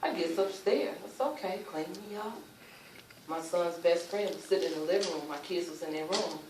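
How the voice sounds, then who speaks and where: A woman giving an emotional personal testimony at a luncheon, telling her story in animated, informal speech and acting out what people said. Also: lowish voice, moderate pace, a little hiss or hum. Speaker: speaker sharing a personal testimony. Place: luncheon event room. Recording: roomy, distant mic, faint ambience.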